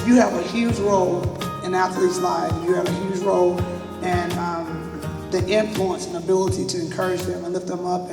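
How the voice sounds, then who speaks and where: A woman giving closing thanks to an audience, speaking haltingly with many fillers. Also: on the low side. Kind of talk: thank-you remarks to an audience. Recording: echoey hall, far from mic.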